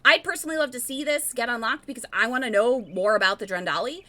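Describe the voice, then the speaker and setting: A woman hosting a tabletop game stream, reading out announcements in a casual, rambling way. Her voice is high and bright, and she chats along easily. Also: quick pace. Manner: chatty, rambling with fillers. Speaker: stream host.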